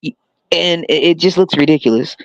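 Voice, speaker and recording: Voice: medium pitch, brisk, gravelly, dry recording, highs cut off. A podcast host giving a sarcastic, profane solo rant, often laughing.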